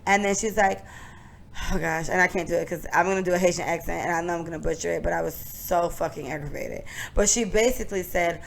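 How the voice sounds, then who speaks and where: A young adult woman co-hosting a podcast, telling a long story in casual chat, animated and profane, often laughing. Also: on the low side, fast, creaky, slight background noise. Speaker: podcast co-host.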